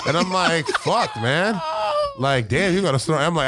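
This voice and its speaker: Profane, animated Bay storyteller man. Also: on the high side, moderate pace, very noisy. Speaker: comedian guest. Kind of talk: casual podcast chat. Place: Oakland.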